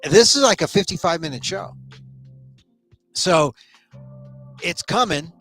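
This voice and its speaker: Casual talk show host, a guy with a slightly high voice ranting sarcastically, lots of quick restarts. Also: expressive, a bit bright, soft background music. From United States. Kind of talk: comedic monologue rant.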